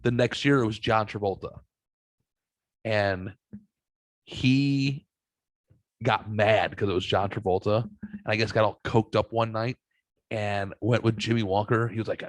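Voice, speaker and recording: A man's voice: fairly low pitch, unhurried, pauses often, dry recording. A man hosting a podcast, telling stories in casual chat and swearing freely. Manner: animated storytelling, swears freely. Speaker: podcast host.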